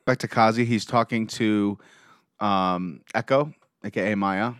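A man excitedly recapping a show episode scene by scene, gushing like a fan. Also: fairly low pitch, unhurried, clean tone, no room sound, studio quality.

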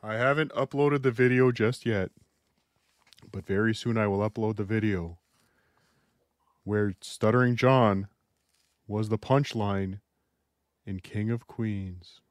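A man from Minnesota with a low voice co-hosts a podcast. He talks in a laid-back, dry and wry way. His voice is recorded close, with a dry sound. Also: slow, long pauses, no room sound. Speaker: podcast co-host. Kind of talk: casual chat.

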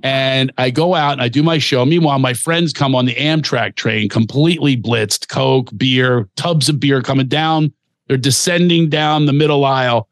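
An older male comedian, a guest on a podcast, telling animated stories in casual chat. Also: mid-range voice, moderate pace, no room sound. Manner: animated storyteller who acts out voices.

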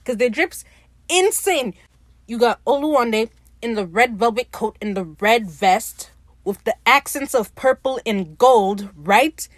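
A woman's voice: on the high side, a little slow, no echo, studio quality. A woman hosting a podcast, giving a casual, slangy and profane recap of a TV episode. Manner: slangy, profane, retells scenes by acting out lines.

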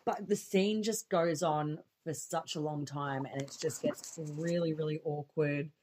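A woman's voice: low-pitched, steady tone, a little slow, a little mellow, a little hiss or hum. A woman casually recapping a horror film as a podcast co-host, telling the story with a laid-back, joking manner. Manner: laid-back storytelling, reads from notes, frequent laughs. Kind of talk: casual movie recap chat.

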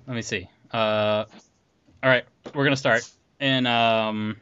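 A man hosting a podcast in casual chat, excitable and quick to laugh. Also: medium pitch, smooth, muffled recording. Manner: excitable, laughing, exclaims often. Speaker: podcast host.

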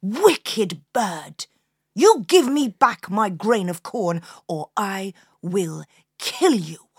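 A woman's voice: mid-range voice, lively intonation, drawn-out words, slightly rough, dry recording, studio quality, heavily acted. A woman voicing a furious farmer's wife in a folk tale, scolding sharply.

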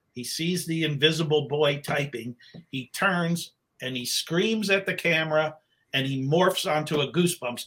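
A man's voice: a little high, bright, forceful tone. Rambling middle-aged man telling stories. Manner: rambling, with many restarts and acted-out quotes. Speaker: guest, book cover artist. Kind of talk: casual storytelling anecdote.

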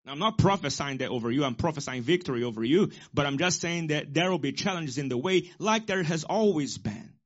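A pastor in his forties preaching a sermon with emphasis, rising to loud peaks and dropping to quiet asides. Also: a little high, lively intonation, a little fast, hardly any pauses, lo-fi sound.

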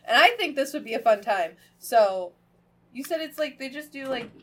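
A woman's voice: high-pitched, expressive, normal speed, a bit bright. A young woman co-hosting a podcast, chatting casually, swearing freely and filling her talk with "like". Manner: swearing, laughing, lots of "like" fillers. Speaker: podcast co-host. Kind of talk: casual chat.

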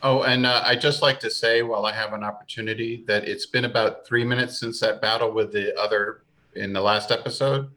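Bright-voiced player man. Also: lowish voice, fairly even intonation, a little fast, low-quality recording. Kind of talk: playing a tabletop game.

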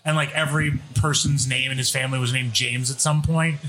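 A man's voice: mid-range voice, fairly even intonation, fairly quick, pushed and bright, a little hiss or hum. A man chatting casually as a radio guest, swearing often and laughing as he tells stories. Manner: swears a lot, laughs while telling stories. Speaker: guest, former wrestler. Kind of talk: casual chat.

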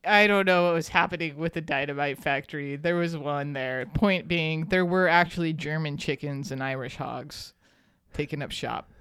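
A woman's voice: low voice, moderate pace, fairly bright tone, smooth, no echo, studio quality. A woman hosting a podcast, telling a local history story in a chatty, casual way and laughing often. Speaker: podcast host.

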